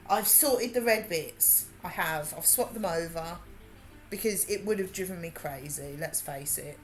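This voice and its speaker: A woman's voice: lowish voice, measured pace, soft background music. A woman with a Birmingham accent, chatting casually and laughing while she works on a craft during a livestream. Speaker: livestream host.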